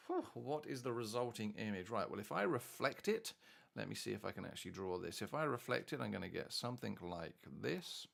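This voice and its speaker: A man's voice: fairly low pitch, very animated, brisk, vocal fry, a bit bright. A man teaching maths, chatting and thinking aloud as he works through exam problems. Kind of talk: worked-solution maths tutorial.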